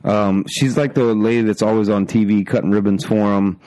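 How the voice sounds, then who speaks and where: A man's voice: lowish voice, steady tone, a little fast, warm tone, no echo. A man hosting a podcast in casual chat, joking and teasing his guest. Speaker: podcast host.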